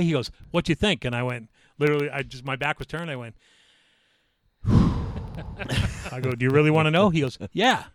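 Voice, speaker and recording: A man's voice: medium pitch, fairly bright tone, dry recording. Male podcast guest, blunt, profane, matter-of-fact, dry close mic. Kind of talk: casual chat, storytelling.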